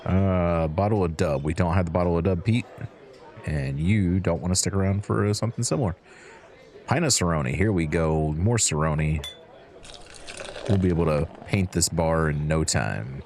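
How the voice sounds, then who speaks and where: Very low-voiced man playing a bar game. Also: moderate pace, darkish tone. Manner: chatty, talks to game customers while counting change. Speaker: gaming channel host. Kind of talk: relaxed let's-play commentary.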